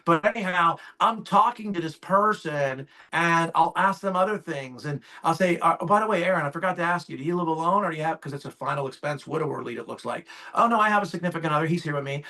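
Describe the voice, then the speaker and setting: Man, 50s, sales agent on a call: fired-up, emphatic, fairly high voice. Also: fast, hardly any pauses. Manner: animated, acts out both sides of client calls. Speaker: insurance sales agent sharing tips. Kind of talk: casual call talk. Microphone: call audio.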